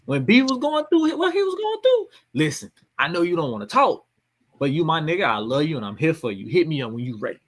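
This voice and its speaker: Husky, lively-voiced podcast host preaching. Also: male voice, on the high side, fast talker. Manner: preachy, emphatic, swears freely. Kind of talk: casual podcast chat.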